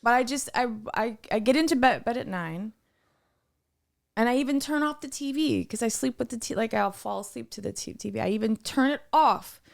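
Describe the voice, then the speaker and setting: Female podcast co-host, exhausted and losing her voice; gravelly, rambling casual chat. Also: a little high, a little fast. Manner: tired, rambling, lots of restarts. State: sleep-deprived, losing her voice.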